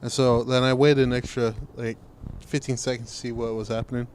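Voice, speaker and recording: A young man co-hosting a casual podcast, telling an animated, profane story about a stranger. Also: mid-range voice, brisk. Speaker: podcast co-host. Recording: faint background noise.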